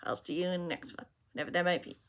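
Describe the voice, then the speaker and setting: Bright, gravelly woman reading her story. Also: on the low side, rapid-fire. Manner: steady reading; chatty with fillers in the outro. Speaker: author reading her book. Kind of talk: story reading and casual vlog chat.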